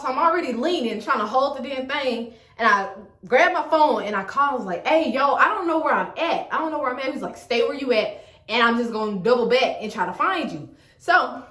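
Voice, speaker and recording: Animated slangy woman telling a story. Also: a little high, roomy sound. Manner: animated, slangy, acts out quotes. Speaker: storyteller vlogger. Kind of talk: casual storytime chat.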